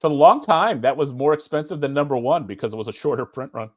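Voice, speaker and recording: A man's voice: mid-range voice, fast. A man drops wry one-liners in casual podcast chat. His voice comes through a dull, lo-fi line with little top end. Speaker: podcast co-host.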